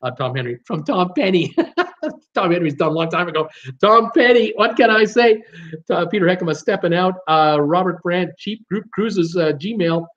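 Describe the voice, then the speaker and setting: High-voiced man hosting live trivia. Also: highs cut off. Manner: reads viewer guesses and answers, quick yes-or-no calls with many fillers. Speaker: trivia host.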